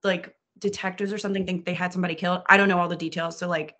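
Talking rapid-fire in a somewhat low voice, a woman from New Orleans keeps a podcast chat casual and lively. She swears without holding back and performs her own reactions while she speaks.

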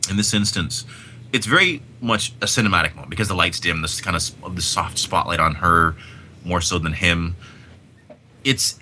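A man's voice: sits low, sharp tone, slight background noise. A man talking about movies in a casual podcast chat, enthusiastic and rambling, often restarting his sentences. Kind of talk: casual film discussion.

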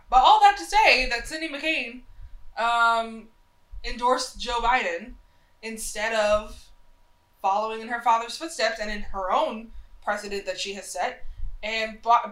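A woman's voice: on the high side, fairly bright tone, roomy sound, low-quality recording. A young woman from North Carolina co-hosting a casual talk show, rambling and chatty with lots of fillers, her voice nasal from a cold. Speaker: podcast co-host. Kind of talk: casual opinionated chat.

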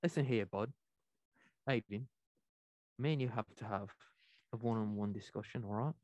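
A man's voice: fairly low pitch, moderate pace, darkish tone, highs cut off. A man hosting a casual chat show, playfully bossy and joking with his co-hosts. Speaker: host.

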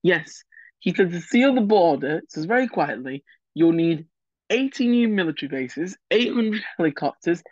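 A man's voice: high voice, no room sound, highs cut off. Chatty man, solo podcast host. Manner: digressive, chatty, opinionated asides. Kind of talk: solo political history podcast.

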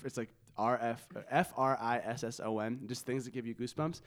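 A man's voice: mid-range voice, steady tone, a little fast. A young man co-hosting a podcast in casual chat, rambling with lots of fillers. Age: young adult. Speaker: podcast co-host.

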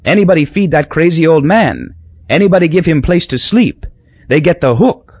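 A man's voice: on the high side, expressive, normal speed, husky, no echo, highs cut off, voice pushed up. A man voicing a pious, cagey island taxi driver who answers in short, broken English.

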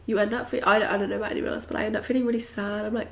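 A young British woman hosting a casual solo podcast, bubbly and chatty with frequent giggles, her voice a little croaky and husky. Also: mid-range voice, little pitch movement, very fast, hardly any pauses. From Britain. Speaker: podcast host. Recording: roomy echo.

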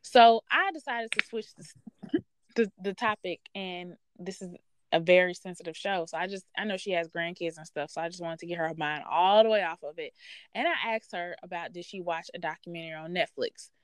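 A woman hosting a podcast, telling a workplace story in a blunt, profane, sassy and animated way. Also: on the low side, moderate pace, clean tone, dry recording. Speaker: podcast host. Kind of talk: casual storytelling rant.

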